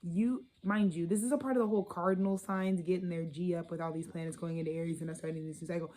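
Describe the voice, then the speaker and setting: A woman giving a casual, channeled tarot reading to her viewers. She talks in a loose, profane, animated way. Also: lowish voice, fast. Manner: loose, profane, animated, slipping into quoted voices. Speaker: tarot reader.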